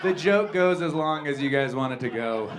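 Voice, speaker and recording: A male comedian in his thirties tells his stand-up set from a club stage into a handheld mic. His voice sits a bit high for a man, and he talks in an animated way, breaking into loud voices for characters. A steady hiss of noise runs under the live recording. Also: normal speed.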